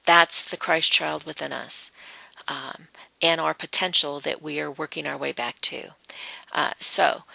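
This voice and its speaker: Woman webinar presenter, very gravelly, sharp tone, dry sound, halting ums. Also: low-pitched, fairly even intonation, dry recording, poor audio. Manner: rambling explanations with many ums and uhs. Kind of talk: informal teaching talk to an online group.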